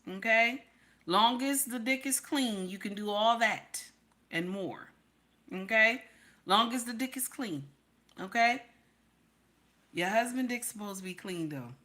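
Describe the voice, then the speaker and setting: A woman's voice: on the high side, unhurried, long pauses, bright, forceful tone. A woman hosting a live stream, giving blunt, preachy advice and repeating herself for emphasis while talking to her chat. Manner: talks to her chat and reads names. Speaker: livestream host advising women.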